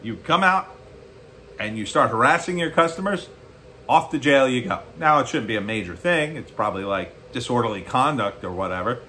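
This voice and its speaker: A man's voice: medium pitch, animated, moderate pace, bright, forceful tone, a little hiss or hum. An American man giving blunt, sarcastic political commentary on his own show, often rising into mocking outbursts. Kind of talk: opinionated solo commentary.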